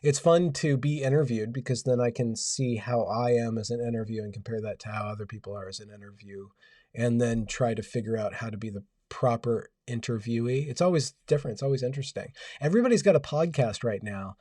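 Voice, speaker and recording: A man's voice: mid-range voice, fairly quick, dark tone, no echo, clean studio sound, distant mic. A man hosting a casual livestream, rambling wryly and reading out viewers' comments. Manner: rambling, wry, reads out chat comments. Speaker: livestream host. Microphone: home audio setup.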